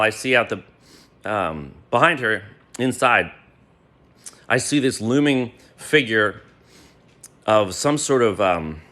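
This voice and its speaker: Animated man telling a gleeful story. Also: on the low side. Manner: animated, swears freely. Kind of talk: gleeful personal anecdote.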